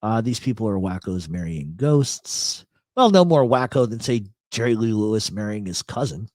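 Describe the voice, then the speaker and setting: Lively, profane male livestream host. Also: lowish voice, moderate pace, no room sound. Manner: rambling, profane, joking. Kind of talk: casual livestream chat reading comments. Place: apartment in a big city.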